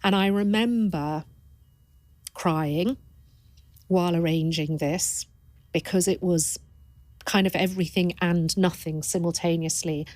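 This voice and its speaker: A thoughtful woman in a podcast conversation, reflecting earnestly and often circling back to restart a phrase. Her voice sits somewhat low. The sound is dry and close-miked. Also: fairly even intonation, unhurried, long pauses, a little mellow, no echo. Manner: earnest and thoughtful, with frequent restarts and repeated words. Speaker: palliative care doctor, podcast guest.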